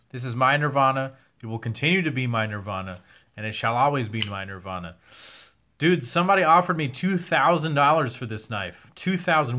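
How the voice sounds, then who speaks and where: A man's voice: medium pitch, sharp tone. A young man hosts a casual livestream Q&A, reading questions from chat and answering them candidly with the odd swear. His voice sounds tired and worn from long talking. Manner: candid, swears now and then, reads chat questions aloud. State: losing his voice. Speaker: host answering viewer questions.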